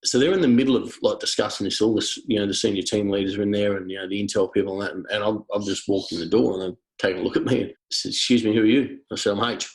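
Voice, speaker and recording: A man's voice: lowish voice, steady tone, very fast, few pauses, darkish tone, poor audio. An Australian man, a special forces veteran, telling combat stories in a blunt, matter-of-fact way with some swearing. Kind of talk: casual storytelling interview.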